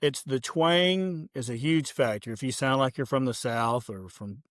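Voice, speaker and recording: A man hosting a podcast, chatting in a relaxed way and often repeating words as he goes. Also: medium pitch, measured pace, no echo, studio quality. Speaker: podcast host. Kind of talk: casual conversation.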